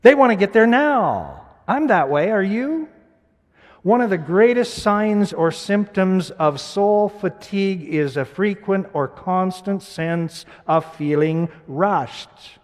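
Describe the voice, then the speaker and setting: A male pastor preaching a sermon, moving between loud, emphatic scripture reading and hushed, quiet reflection. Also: high voice, animated, slow pace. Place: church sanctuary. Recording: church sanctuary with long reverb.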